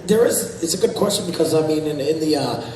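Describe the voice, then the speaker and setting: A man's voice: fairly high pitch, fairly quick, dark tone, a little hiss or hum. A man moderating a convention panel, asking questions and wrapping up in a conversational tone. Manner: conversational, wraps up with thanks. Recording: echoey hall, far from mic, ambience.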